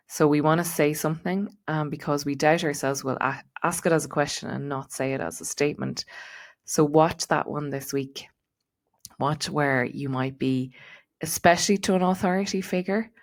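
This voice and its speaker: A middle-aged woman with a low, deep-set voice talks through coaching advice for her podcast. She speaks in a casual, reflective way, circling back with fillers and repeated words as she thinks aloud. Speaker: podcast host and transition coach.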